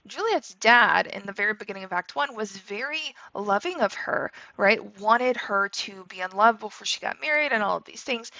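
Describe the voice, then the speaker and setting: A woman teacher explains a play in a loose, chatty way. Her voice is bright and a little gravelly. The recording is dry and slightly muffled. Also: mid-range voice, no room sound. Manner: casual and chatty, with fillers like "like" and "okay". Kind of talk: literature lesson commentary.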